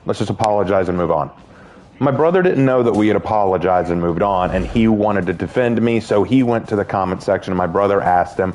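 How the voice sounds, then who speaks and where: A man's voice: lowish voice, expressive, moderate pace, darkish tone. An American man telling a long story to his viewers while playing a game, earnest and rambling, often restarting his sentences. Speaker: gaming YouTuber.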